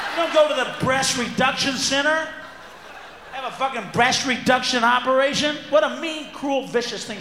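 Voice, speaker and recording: A man performing a crude, ranting stand-up routine live, shouting at the audience. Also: extremely high pitch, normal speed. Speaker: stand-up comedian. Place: large venue with audience. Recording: roomy live recording with crowd and noise. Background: audience laughter.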